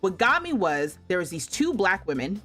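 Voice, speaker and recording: A woman's voice: fairly low pitch, big pitch swings, moderate pace, fairly bright tone, faint music behind. A young American woman streaming a game, casually telling a travel story, laughing often and acting out the voices of people she quotes. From United States. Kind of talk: casual storytelling while gaming.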